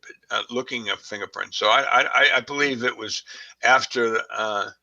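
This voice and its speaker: A man's voice: mid-range voice, moderate pace, bright, forceful tone, highs cut off. A man with a Boston accent, a forensics expert guest, talking casually with many fillers and restarts. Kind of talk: casual conversation.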